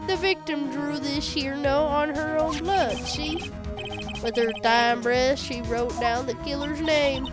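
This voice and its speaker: A woman voicing a gruff, bumbling male police detective, loud and trying a tough-guy accent, over game music. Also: a little high, fairly even intonation, unhurried, hardly any pauses, natural voice. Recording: video game music behind.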